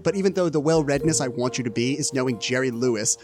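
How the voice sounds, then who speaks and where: A man co-hosting a comedy podcast in a casual, joking way, animated and quick to laugh. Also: medium pitch, faint music behind. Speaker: podcast co-host.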